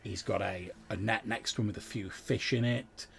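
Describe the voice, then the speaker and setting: A man's voice: on the low side, fairly even intonation, moderate pace, vocal fry, fairly bright tone, slight background noise. A man narrating a tabletop game as game master, describing scenes in a rambling way with many fillers.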